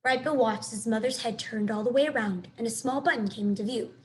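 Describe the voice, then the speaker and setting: A woman teacher reading a children's storybook aloud with clear, expressive narration. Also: on the high side, quick pace, a little hiss or hum, poor audio.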